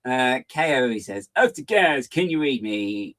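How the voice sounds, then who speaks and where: A man with a mid-range, fairly bright voice hosts a live stream, chatting fast and hyper in a rambling way as he reads viewer comments aloud.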